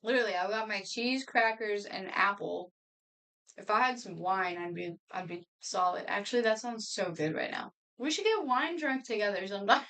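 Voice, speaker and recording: A woman's voice: medium pitch, expressive, moderate pace, fairly bright tone, distant mic. A woman in her twenties chatting casually to her live stream viewers at home, rambling and laughing often. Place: home room.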